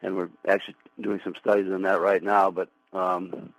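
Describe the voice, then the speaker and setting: Deep-voiced older man rambling on radio. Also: level tone, moderate pace, no echo, poor audio. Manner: rambling, with restarts and fillers. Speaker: caller, plastic surgeon. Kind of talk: call-in radio chat.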